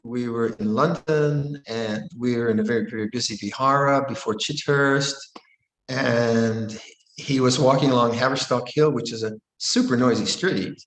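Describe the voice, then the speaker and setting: An older man, a Buddhist monk, giving a calm dharma talk and answering a question, often repeating and restarting his phrases. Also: medium pitch, moderate pace. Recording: roomy echo.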